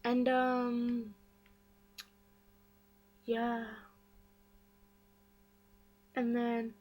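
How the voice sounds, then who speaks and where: A woman's voice: a little high, completely flat delivery, drawn-out words, darkish tone, low-quality recording. A woman vlogger casually recapping a story, chatty and full of fillers and gossipy asides.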